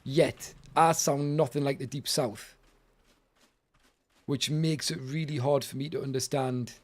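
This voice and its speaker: A man's voice: medium pitch, fairly even intonation, unhurried. A man with an English accent, chatting playfully and teasing on a casual gaming stream. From England.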